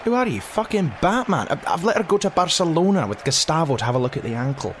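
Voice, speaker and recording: A man's voice: on the high side, sing-song, quick pace, slight background noise. An actor playing a blunt, sarcastic football club man, swearing constantly in a comedy audio drama.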